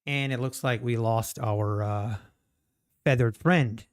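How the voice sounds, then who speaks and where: A man doing excitable, jokey live commentary as a day trader streaming his trades. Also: medium pitch, slow, smooth. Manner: excitable, jokey, exclaims at the screen.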